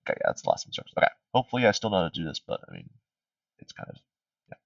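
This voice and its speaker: This music theory tutor, running a casual review session, is low-pitched with huge pitch swings, racing speech, vocal fry and a bit of brightness. He sings melody fragments on syllables and constantly checks in with "right?". It's a dry recording of distant, slightly dull streamed audio.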